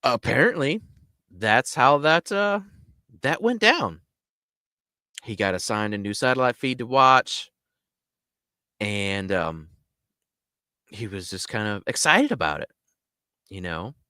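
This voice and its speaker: A man tells a story in a casual, rambling way, his pitch swinging lively up and down. He slides between "like" and "you know" and mimics others in high, squeaky tones. The sound is close and dry, with no room around it. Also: takes it slowly, long pauses, clear, resonant tone, no room sound. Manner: animated, acts out others' lines in squeaky high voices; loose, full of "like" and "you know". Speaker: podcast storyteller.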